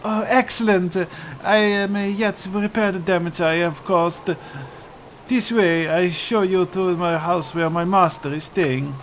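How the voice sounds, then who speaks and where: A man's voice: medium pitch, measured pace, slight background noise, voice pushed down, natural voice. A man doing a nervous boy with a weird accent. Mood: relieved. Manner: stammering, pleading. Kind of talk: let's-play voice acting.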